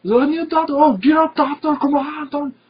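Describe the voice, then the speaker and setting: A man puts on an action hero in mock panic, shrieking for a doctor in a voice pushed far above his normal range. The yelling is deliberately overblown and frantic. It comes through a dull, lo-fi recording. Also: very high-pitched, voice pushed up. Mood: fake panic.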